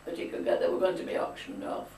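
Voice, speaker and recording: A woman's voice: quick pace, darkish tone, a little hiss or hum. An elderly grandmother telling family stories in a chatty, opinionated way. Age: older. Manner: chatty storyteller, firm opinions. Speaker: grandmother being interviewed. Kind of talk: reminiscing casual chat. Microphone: camcorder mic. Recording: echoey room, far from camcorder mic.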